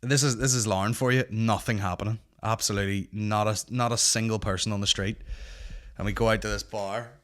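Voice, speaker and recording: A man's voice: on the low side, fairly even intonation, fairly quick, fairly bright tone. A young Northern Irish man hosting a comedy podcast, telling a rambling, sweary anecdote in casual chat. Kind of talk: casual storytelling.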